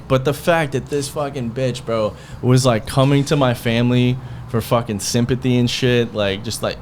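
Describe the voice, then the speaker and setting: At normal speed and with hardly any pauses, a podcast host tells a heated story about himself in a medium-pitched, steady voice, with a little hiss or hum in the audio. His casual storytelling wanders, turns profane, and leans heavily on quoted dialogue.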